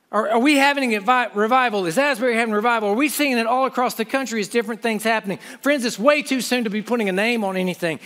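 A man's voice: very high-pitched, bright, forceful tone, big-room sound. A man preaching a sermon with impassioned, pleading delivery and conversational asides.

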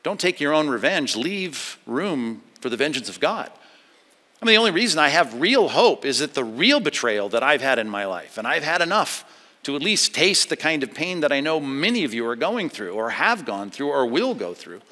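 A man with a bright, forceful voice preaches a sermon, pressing hard on some phrases and dropping to a hush on others. His voice rings out with a long reverb, as in a church sanctuary. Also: big pitch swings, normal speed. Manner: preaching with swings from loud emphasis to hushed, low delivery. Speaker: pastor.

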